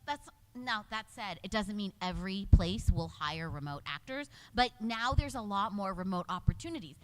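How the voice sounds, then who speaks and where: A woman's voice: medium pitch, animated, normal speed. A middle-aged woman, a voice actor and casting director, chatting casually on a convention panel with frequent laughs.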